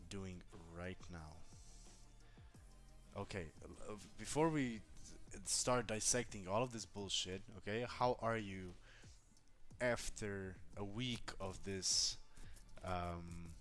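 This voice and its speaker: Man, lowish voice, casual stream chat, blunt and profane, reassuring, faint music behind. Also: a bit bright. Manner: chatty, profane, reassuring, talks straight to a viewer. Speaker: streamer giving relationship advice.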